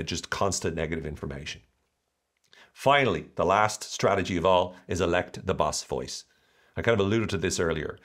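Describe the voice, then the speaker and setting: A man, hosting a solo podcast in a lively, jokey way with mocking asides. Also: deep voice. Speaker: podcast host.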